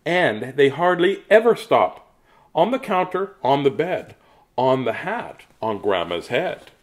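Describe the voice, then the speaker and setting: A man's voice: medium pitch, big pitch swings, slow pace. A man reading children's picture books aloud in a playful, jokey way, with asides to viewers. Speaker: children's book reader.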